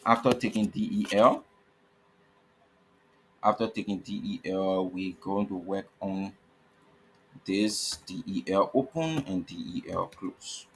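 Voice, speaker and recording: A man's voice: low voice, slow pace, long pauses, a little hiss or hum. A man teaching a coding lesson over his screen. He spells out tag names letter by letter, repeats himself and keeps asking "okay?". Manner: repetitive, checks in with frequent "okay?". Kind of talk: screen-recorded coding tutorial.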